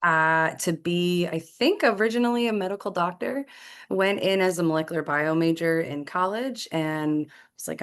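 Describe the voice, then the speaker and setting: A woman, a podcast guest telling her career story in a lively, casual way. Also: lowish voice, moderate pace, clear, resonant tone. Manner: animated storyteller acting out quoted dialogue. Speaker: podcast guest, clinical executive.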